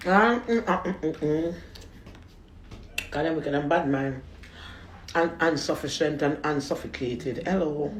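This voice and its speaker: At a measured pace and with long pauses, a man with a fairly high voice eats on camera, rambling chattily to his viewers and talking through bites in casual food vlog style. Slight background noise sits in the echoey room.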